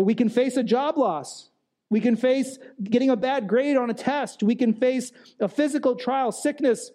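A man's voice: high-pitched, mellow. A male pastor giving a sermon in a conversational way, with restarts and emphatic repetition.

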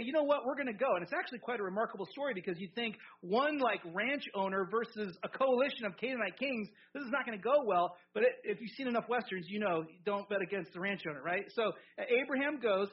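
A man preaching a sermon in a lively, conversational way, with jokes and asides to the congregation. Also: very high voice, lo-fi sound. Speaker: pastor.

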